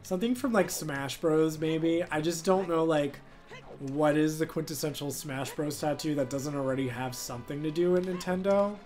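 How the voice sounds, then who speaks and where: A man with a slightly higher voice chats casually while streaming a game, rambling and full of fillers. Faint game music plays behind him. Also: moderate pace, darkish tone. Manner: rambling, heavy use of "like" and "um". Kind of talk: casual live gameplay chat.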